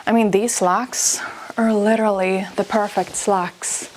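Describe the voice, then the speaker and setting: A woman's voice: mid-range voice, steady tone, unhurried, darkish tone, a little hiss or hum. A young woman vlogging from her wardrobe as she tries on outfits, gushing and filling her talk with "like", a little out of breath as she moves around. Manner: breathy and a little out of breath while trying on clothes; gushing, filler-heavy, says "like" a lot. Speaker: fashion vlogger. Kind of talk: casual chatty vlog. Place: her home wardrobe room.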